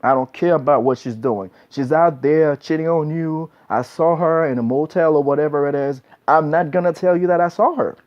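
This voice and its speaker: A man's voice: on the high side, normal speed, few pauses, darkish tone. A man giving blunt relationship advice in a casual monologue, preachy and repetitive, often tagging lines with "man". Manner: blunt, preachy, repeats himself, says "man" a lot. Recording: dull lo-fi recording.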